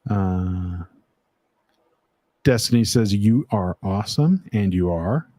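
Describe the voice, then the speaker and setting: A man's voice: lowish voice, animated, takes it slowly, warm tone. A man hosting a casual livestream chat, rambling with many "uh" fillers, speaking on a video call mic. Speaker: livestream host.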